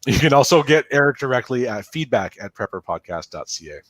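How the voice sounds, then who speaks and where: A man's voice: mid-range voice, very animated, brisk, a bit bright, no room sound. Canadian man co-hosting a podcast. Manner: chatty, laughs easily, restarts phrases. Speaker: podcast co-host. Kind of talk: casual podcast chat.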